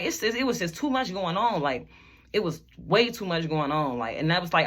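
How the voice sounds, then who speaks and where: Emotional and rambling, a rapper shares a personal story with the camera, repeating phrases and leaning on "like" nearly constantly, sometimes rushing ahead. The voice is medium in pitch, pushed and bright.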